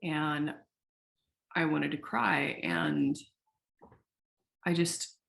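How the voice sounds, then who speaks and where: Woman guest, candid founder, animated storyteller, swears freely. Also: low-pitched, drawn-out words, creaky. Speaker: founder of a sexual wellness company, podcast guest. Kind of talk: casual interview storytelling.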